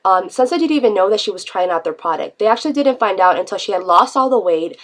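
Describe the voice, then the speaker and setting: A woman's voice: medium pitch, expressive, fast, few pauses. A woman talking through an unscripted casual vlog, rambling with frequent ums and restarts. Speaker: vlogger.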